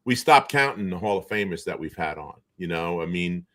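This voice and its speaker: Animated storytelling man, fairly low voice. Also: fairly quick. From New Bedford, Massachusetts area. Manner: animated storyteller, chuckles often, trails off in restarts. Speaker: guest, former basketball player and show co-host. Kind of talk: casual storytelling interview.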